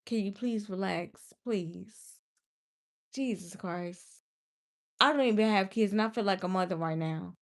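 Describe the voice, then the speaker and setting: A woman's voice: mid-range voice, moderate pace, hardly any pauses. A young woman livestreaming, casually and exasperatedly scolding a viewer in the chat. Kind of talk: casual live-stream talk to chat.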